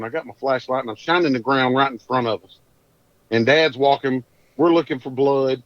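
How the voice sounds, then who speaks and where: A man's voice: medium pitch, moderate pace, no echo. A man, a podcast guest telling a hunting story in a folksy, rambling drawl. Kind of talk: casual storytelling. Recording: dull dry lo-fi audio.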